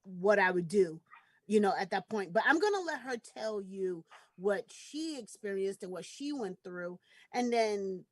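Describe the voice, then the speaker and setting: A woman hosting a casual conversation on a video call, talking in a relaxed way with lots of "you know". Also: mid-range voice, unhurried, no room sound. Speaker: host. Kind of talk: casual chat.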